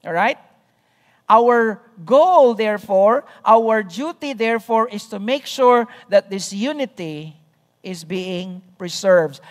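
A pastor delivers a sermon at an unhurried, measured pace. He stresses key phrases by repeating them and keeps checking in with the congregation. His voice carries a long reverb from a big church sanctuary. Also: medium pitch, lively intonation.

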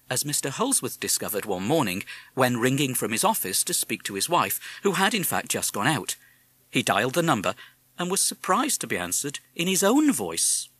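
Expressive male storybook narrator. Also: mid-range voice, breathy edge, no echo. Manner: measured and expressive. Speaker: audiobook narrator.

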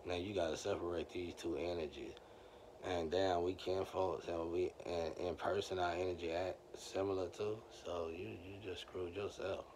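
A man's voice: sits low, slight background noise. A man telling loose, slangy stories in a rambling monologue, speaking straight to his viewers.

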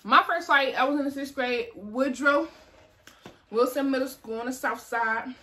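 A young woman vlogger telling a story in casual chat, animated and acting out the people in it. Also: high-pitched, moderate pace, a little hiss or hum. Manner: animated, acts out voices in her story.

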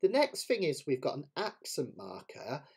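Lively, chatty man teaching ukulele. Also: fairly high pitch, moderate pace, gravelly, breathy edge. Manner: chatty, self-deprecating, explains while demonstrating. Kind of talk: live online music lesson. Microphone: webcam setup with close camera. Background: ukulele playing.

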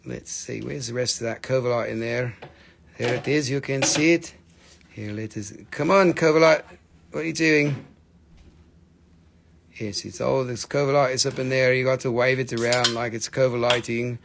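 A man running a live sales stream, joking, swearing and excitable, while he is losing his voice. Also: mid-range voice, moderate pace, gravelly, slight background noise.

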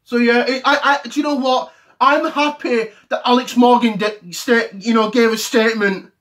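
Man as English footie fanboy, mid-30s, high-pitched, indignant repetitive rant. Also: fairly even intonation, moderate pace, fairly bright tone. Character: ranting English football fan, man in mid-thirties, easily offended. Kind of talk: comedy sketch rant to camera.

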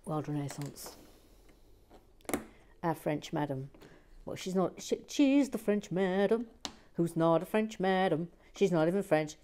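A woman hosting a relaxed building vlog from her shed, reading comments with dry teasing humor and soft whispered asides. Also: on the low side, a little hiss or hum. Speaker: vlog host. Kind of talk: casual chat while building and reading comments.

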